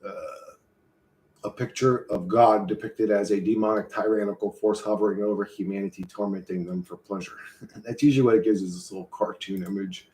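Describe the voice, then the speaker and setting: A man's voice: on the low side, steady tone, a little fast, mellow. A man streaming live, chatting casually and rambling with lots of swearing and laughter. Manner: rambling, profane, laughs often. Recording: echoey room.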